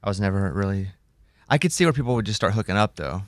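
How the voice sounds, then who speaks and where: A man's voice: on the low side, animated, quick pace, no echo, studio quality. A man hosting a radio show, asking his co-hosts easygoing questions in casual chat. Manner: easygoing, asks questions and steers talk.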